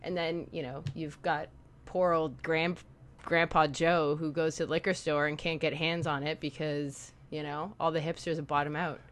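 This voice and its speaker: A woman's voice: sits low, flat delivery, moderate pace, a little hiss or hum. A woman co-hosting a casual podcast chat, talking in a chatty, giggly way that is full of "like" and "you know.".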